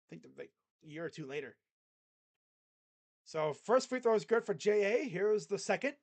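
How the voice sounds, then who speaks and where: A fan streamer calling a basketball game live, play-by-play style, mixing excited calls with sarcastic jokes and quiet mutters. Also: mid-range voice, moderate pace. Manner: joking, sarcastic asides. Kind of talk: casual live play-by-play reaction.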